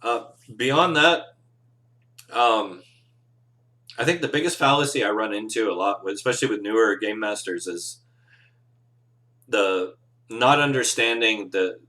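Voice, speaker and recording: A man's voice: fairly low pitch, measured pace, long pauses, sharp tone. A man who runs tabletop games, giving casual, earnest advice on a live show with encouraging, rambling talk. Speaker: game master, podcast host.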